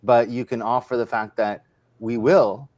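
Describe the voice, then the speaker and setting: A man's voice: medium pitch, fairly even intonation, unhurried, a little mellow, no echo. A man hosting a casual livestream chat, telling stories in a rambling way with many restarts. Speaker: host.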